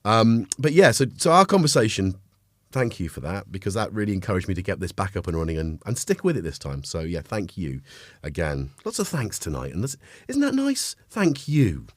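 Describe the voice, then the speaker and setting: A man's voice: low-pitched, sing-song, a little fast, no echo, studio quality. Chatty North Welsh man with a cold. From North Wales. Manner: chatty, greets viewers, jokey asides. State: has a cold. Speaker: livestream host. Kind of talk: casual live-stream chat.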